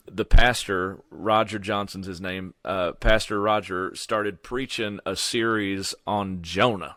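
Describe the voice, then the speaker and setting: A middle-aged man, a podcast guest telling his story in a casual, animated way, full of "you know" and "man". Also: low voice, unhurried, hardly any pauses, no room sound.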